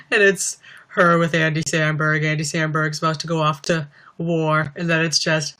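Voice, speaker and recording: A young woman talks casually to viewers on a livestream, laughing often and filling her sentences with "like". Her voice sits a little low but sounds bright and forward, and her pace is slow and unhurried. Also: fairly even intonation. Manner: giggly, rambling, lots of "like". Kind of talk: casual live-stream chat. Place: home.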